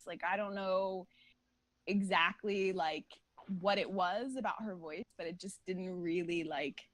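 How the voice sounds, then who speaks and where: A woman's voice: lowish voice, measured pace, a bit bright, no room sound, low-quality recording. A woman chatting as a guest on an interview show, rambling and packing her talk with filler words. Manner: laughs often while talking. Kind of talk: casual chat.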